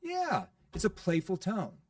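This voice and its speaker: A man being interviewed on a podcast as a sales coach, talking in an animated way and acting out playful sales lines. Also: sits high, unhurried, dry recording, clean studio sound, recorded from a distance.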